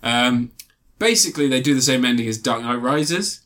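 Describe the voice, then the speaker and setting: A man's voice: medium pitch, animated, normal speed, fairly bright tone. A man animatedly recapping a film in casual chat, swearing and laughing often.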